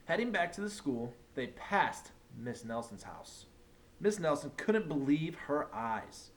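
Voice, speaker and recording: A man reading a picture book aloud to his class, with the animated delivery of a teacher. His pitch rises and falls expressively, and a faint background noise sits under his voice. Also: slow. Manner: animated storytelling.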